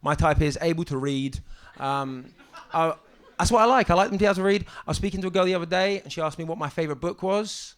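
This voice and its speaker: A young man doing a stand-up set on a comedy club stage, halting and deadpan, with many ums and restarts. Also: on the high side, smooth.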